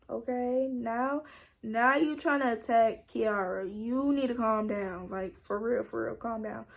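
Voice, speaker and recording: A young woman tells a casual storytime, animated and acting out quoted lines in her own voice. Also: a little high. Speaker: vlogger.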